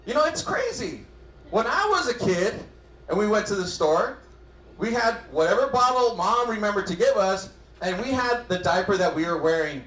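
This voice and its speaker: A high-voiced man performs an animated stand-up comedy set on a club stage before a live audience, the sound roomy. He acts out dialogue in quick bursts.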